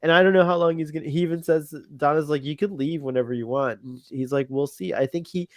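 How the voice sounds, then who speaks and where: A man's voice: fairly high pitch, fast talker, no room sound. A man co-hosting a casual podcast chat, enthusiastic, laughing a lot and using many fillers. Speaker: podcast co-host.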